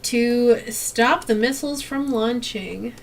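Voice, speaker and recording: A woman's voice: a little high, takes it slowly, recorded from a distance, slight background noise. A woman hosting a tabletop game, patiently walking the players through each move and laughing often. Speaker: game host explaining the rules. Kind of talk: casual tabletop game play.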